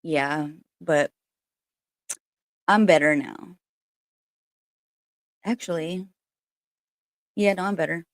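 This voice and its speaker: Speaking low and slowly with frequent pauses, a spiritual reader hosts a casual livestream from her home. She's candid and chatty, swears plenty and laughs a lot, and the recording is dry.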